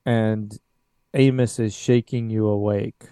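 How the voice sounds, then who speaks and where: Male game master, slow measured narration, dry close sound. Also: on the low side, steady tone, warm tone, smooth, no room sound. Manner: slow, deliberate scene narration. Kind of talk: narrating a tabletop horror game.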